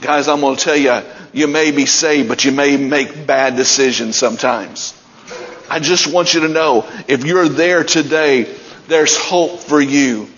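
A man's voice: fairly high pitch, unhurried, a bit bright. A man preaching a sermon, retelling scripture stories with building intensity. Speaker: pastor. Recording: dull sound with long hall reverb.

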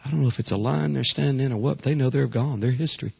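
Husky-voiced man preaching a revival. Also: mid-range voice, rapid-fire. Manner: emphatic, repetitive, swings between hushed and raised. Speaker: traveling Pentecostal preacher. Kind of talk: revival sermon. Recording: dull lo-fi recording.

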